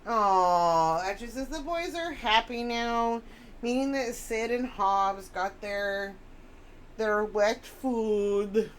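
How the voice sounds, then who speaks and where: A woman's voice: medium pitch, slow, a little hiss or hum. A woman chatting casually on a live stream, rambling and reading chat messages aloud.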